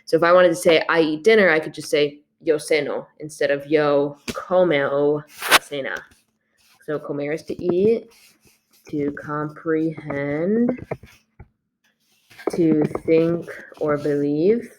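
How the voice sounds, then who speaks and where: A young woman, a Spanish teacher, walks through her class notes in a recorded video lesson, talking casually and chattily with plenty of fillers. Her voice sits low and moves slowly over a noisy background.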